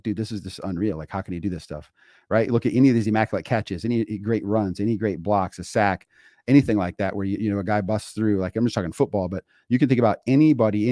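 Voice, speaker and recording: A man's voice: fairly low pitch, darkish tone, no echo, studio quality. A man in his forties co-hosting a motivational podcast, talking casually and emphatically and repeating words as he goes. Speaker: podcast co-host. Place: home studio. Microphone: remote streaming setup.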